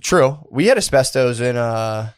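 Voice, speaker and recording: A man's voice: mid-range voice, lively intonation, unhurried, clear, resonant tone, dry recording, studio quality. A man co-hosting a comedy podcast in a laid-back, joking way, tossing "dude" into his sentences and laughing often. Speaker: podcast co-host. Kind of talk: casual comedic banter.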